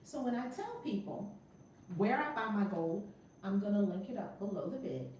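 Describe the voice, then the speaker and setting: A woman hosting a live-streamed class, energetic and encouraging, greeting viewers and repeating key points. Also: medium pitch, moderate pace. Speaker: teacher and host. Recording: echoey room, distant mic, faint noise.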